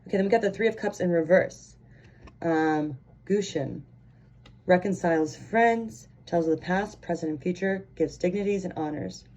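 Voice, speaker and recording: Chatty, excitable woman reading tarot. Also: lowish voice, normal speed. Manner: chatty and excitable, rambling with many fillers. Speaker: tarot reader. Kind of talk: casual pick-a-card tarot reading.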